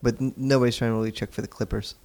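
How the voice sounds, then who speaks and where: A man with a medium-pitched voice hosts a relaxed podcast chat. He asks short questions and cuts in with dry, wry asides. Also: rapid-fire. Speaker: podcast host.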